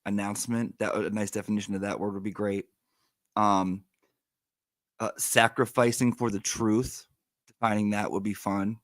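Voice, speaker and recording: A man's voice: fairly low pitch, flat delivery, moderate pace, pauses often, dry recording. Guy hosting a live stream, dry close sound, chatty and emotional, lots of fillers. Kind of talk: casual live-stream chat.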